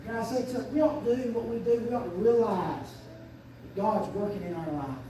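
Guy preaching, high voice, big echoey church, mic kinda far off, swings from low asides up to shouting. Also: fairly quick, slight background noise. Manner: fervent preaching, surging to shouts and dropping low. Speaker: pastor. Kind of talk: sermon. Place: church sanctuary.

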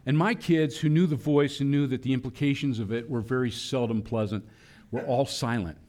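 A man preaching a sermon, animated, acting out voices in quoted lines. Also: medium pitch, fairly quick. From Philadelphia area. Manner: animated preaching, voicing God and children in quotes. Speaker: pastor.

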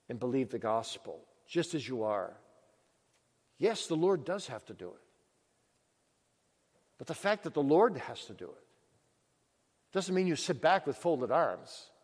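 A male preacher giving a sermon with emphatic questions and dramatic pauses. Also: a little high, a little mellow, slightly rough. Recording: long echo of a large hall.

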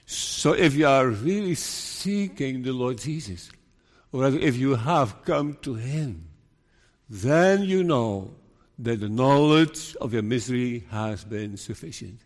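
A man delivers a sermon at an unhurried, deliberate pace, with earnest emphasis. He sometimes slips into the anxious voice of a doubting believer. His voice rings with the long reverb of a large hall. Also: medium pitch, lively intonation. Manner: slow, earnest, acts out worried believers' voices. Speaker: preacher.

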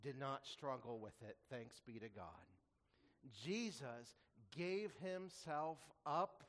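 Earnest preacher man in a reverberant hall. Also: mid-range voice. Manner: earnest, rhetorical questions, slows for emphasis when quoting scripture. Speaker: pastor. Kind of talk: sermon.

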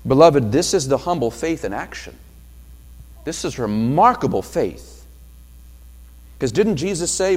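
A male pastor preaching a sermon, asking rhetorical questions and acting out quoted speech with sudden loud swells. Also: medium pitch, expressive, unhurried, pauses often, long reverb tail. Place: church sanctuary.

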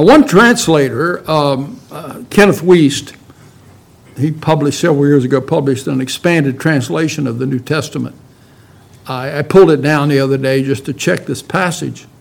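Guy preaching a sermon, slowish and emphatic, kinda higher voice, lots of questions to the room. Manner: emphatic, rhetorical questions, slow deliberate delivery. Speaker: pastor.

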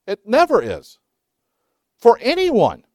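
A preaching man in his sixties who asks rhetorical questions and swings between loud emphasis and hushed asides. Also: very high voice, wildly swooping pitch, takes it slowly, no echo, studio quality. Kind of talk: sermon.

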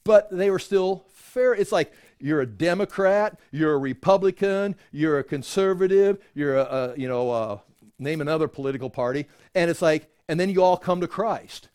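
Middle-aged guy preaching casual bible study, kinda high voice, does little voices for quotes. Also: moderate pace, darkish tone. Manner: conversational, acts out voices in quoted exchanges. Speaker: pastor. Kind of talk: expository Bible teaching.

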